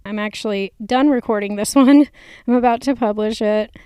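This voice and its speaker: A woman's voice: fairly high pitch, moderate pace, dark tone, smooth, no echo, studio quality. A woman hosting a podcast, giving a casual, chatty note to listeners and laughing easily. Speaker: podcast host. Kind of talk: casual spoken intro note.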